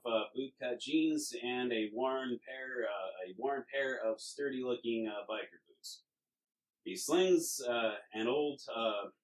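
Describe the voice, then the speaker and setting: A man's voice: mid-range voice, low-quality recording. A man narrating as the game master of a tabletop role-playing podcast, describing scenes and characters in detail. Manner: descriptive narration with frequent uh fillers and restarts, laughs easily.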